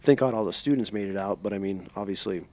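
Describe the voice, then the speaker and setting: A man's voice: on the low side, fast, a little mellow. A man hosting a podcast interview, telling rambling, profane stories with many restarts. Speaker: podcast host. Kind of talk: casual interview chat.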